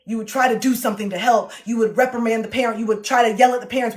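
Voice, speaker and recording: A woman's voice: on the high side, steady tone, fast talker, few pauses. A woman in her thirties, a relationship coach, giving blunt, emphatic motivational talk on a livestream and swearing freely. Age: 30s.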